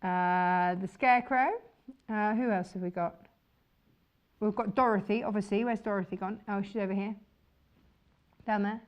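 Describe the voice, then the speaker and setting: A woman's voice: mid-range voice, steady tone, moderate pace, long pauses, muffled recording. A woman presenting fabrics on a shopping channel, chatty and enthusiastic. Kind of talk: chatty live sales presentation.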